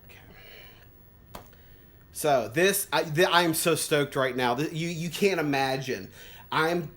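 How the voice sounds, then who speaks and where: A middle-aged vlogger excitedly setting up an old home computer, thinking aloud and tripping over words with delight. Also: medium pitch, a little slow, pauses often. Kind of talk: casual unboxing and setup commentary.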